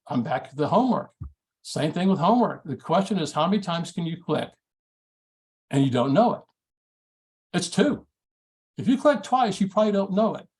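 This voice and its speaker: A middle-aged man presenting a math study skills workshop in a folksy, animated way, acting out his exchanges with students. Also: a little high. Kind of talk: conference workshop talk.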